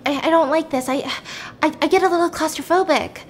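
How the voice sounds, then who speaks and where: A woman's voice: high voice, brisk, a little hiss or hum, pitched above the performer's own voice, lightly acted. A woman voicing a frightened young woman trapped in a cave, pleading in a breathless panic.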